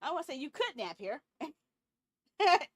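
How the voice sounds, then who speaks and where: A young woman streaming a game, chatting casually in quick, giggly asides. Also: high-pitched, very animated, no echo, clean studio sound. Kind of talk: casual chat while playing a game.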